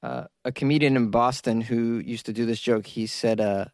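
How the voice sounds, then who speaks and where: A man's voice: mid-range voice, steady tone, moderate pace, darkish tone, dry recording, studio quality. A middle-aged man, a comedian hosting his own podcast, talking casually and rambling with self-interruptions. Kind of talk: casual solo podcast talk.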